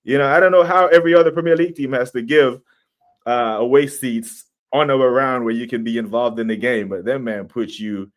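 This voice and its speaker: A young man hosting a casual football livestream, opinionated and animated, reacting to chat. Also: mid-range voice, brisk. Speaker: football podcast host.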